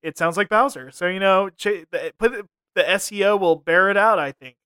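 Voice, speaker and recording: A man with a fairly high, smooth voice co-hosts a casual podcast. He jokes and laughs often and keeps throwing in quick asides. The sound is close and dry, with no room echo. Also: sharp tone. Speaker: podcast co-host.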